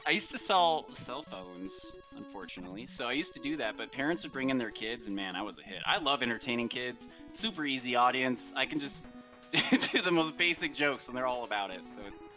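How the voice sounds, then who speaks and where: A man's voice: mid-range voice, expressive, brisk, pushed and bright, faint music behind. A man in his thirties chatting casually and playfully while running a game, often laughing. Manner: giggly, playful, breaks into silly voices. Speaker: speedrunner. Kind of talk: casual chat during a live run.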